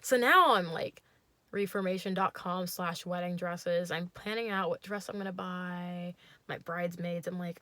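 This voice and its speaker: A young woman telling a dating story to camera, sarcastic and animated, swearing freely. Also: fairly low pitch, measured pace. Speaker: vlogger. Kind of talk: storytime vlog.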